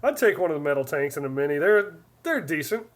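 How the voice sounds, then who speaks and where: A man's voice: fairly high pitch, sing-song, fast talker. A man in his forties hosting a live stream, chatting casually and reading viewer comments aloud in a rambling way. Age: 40s. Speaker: livestream host.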